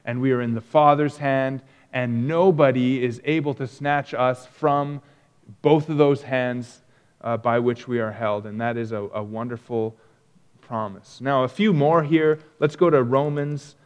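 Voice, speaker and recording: A man's voice: medium pitch, steady tone, unhurried, smooth, highs cut off. A man teaching a theology lesson, reading quoted passages aloud and explaining them in an earnest, emphatic way with frequent restarts.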